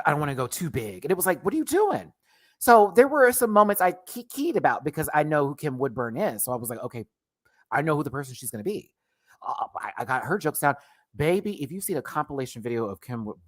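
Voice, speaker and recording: A man's voice: medium pitch, a bit bright. A man casually reviewing a drag show on a livestream, sassy and slangy, laughing often and playfully exaggerating.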